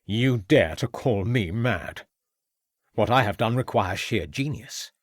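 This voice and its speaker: A man doing a low, sneering gentleman villain. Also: lively intonation, takes it slowly, no room sound, clean studio sound. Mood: gloating. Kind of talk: audiobook character voice.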